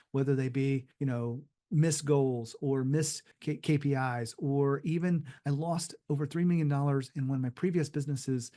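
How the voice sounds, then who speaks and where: A man's voice: on the high side, mellow. A man hosting an interview show on leadership, asking questions and adding reflective, motivational asides. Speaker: podcast host.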